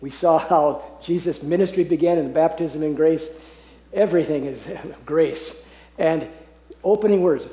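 Man, Bible teacher, earnest, mellow voice, slightly high, echoey room. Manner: earnest, laughs often, slows to read verses aloud. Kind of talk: teaching talk on scripture.

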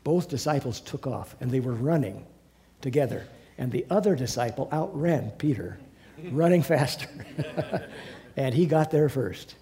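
A man with a mellow, warm voice leads a Bible class for a small group in a meeting room. He retells scripture as a lively story and breaks into chuckles and asides. His pitch sits in the middle of the male range. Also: unhurried. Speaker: Bible teacher.

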